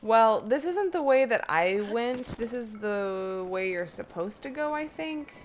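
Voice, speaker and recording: A woman's voice: a little high, expressive, a little slow, slight background noise. A woman playing a video game and chatting casually, giggling often between lines. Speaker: player and co-host. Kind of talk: casual let's-play chat.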